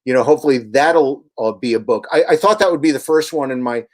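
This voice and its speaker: A man, a radio host and author, guesting on a radio show and telling long, animated anecdotes with many restarts. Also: mid-range voice, fast. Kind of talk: storytelling in a radio interview.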